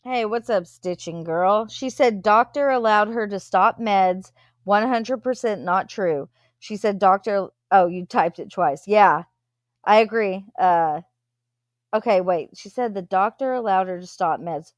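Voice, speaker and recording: A woman's voice: mid-range voice, unhurried, dry recording. Chatty woman hosting a live stream. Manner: reads viewer comments aloud and answers them chattily. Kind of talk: casual live-stream commentary.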